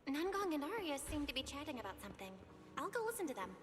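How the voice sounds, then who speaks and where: An actress playing a quiet young woman in a game, softly narrating her actions. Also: sits high, big pitch swings, fast.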